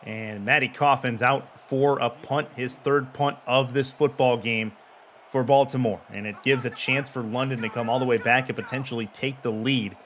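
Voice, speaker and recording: Guy doing football play-by-play, chill then yelling on big plays, a bit of background hiss. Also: mid-range voice, moderate pace. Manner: calm play calling that jumps to excited shouting on big plays. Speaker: play-by-play commentator. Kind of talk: live sports play-by-play.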